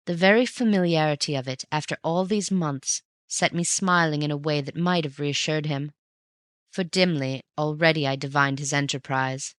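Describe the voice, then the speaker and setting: An audiobook narrator telling a classic story at a measured, even pace. The pitch sits in the middle. The voice is dry and close, with no echo. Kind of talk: scripted narration of a classic novel.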